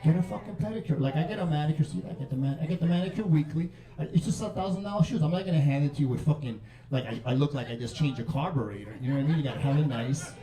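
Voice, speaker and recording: Brash profane New comedian. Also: male voice, on the high side, rapid-fire, hardly any pauses, mellow. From New York. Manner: brash, profane, crowd-baiting. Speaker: stand-up comedian. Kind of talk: stand-up comedy set. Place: comedy club with a laughing crowd. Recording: live club recording with crowd laughter.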